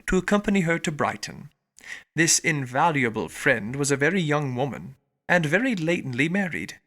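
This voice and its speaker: A man narrating a classic novel in a measured, formal reading. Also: fairly high pitch, sharp tone. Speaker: audiobook narrator. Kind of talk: scripted narration.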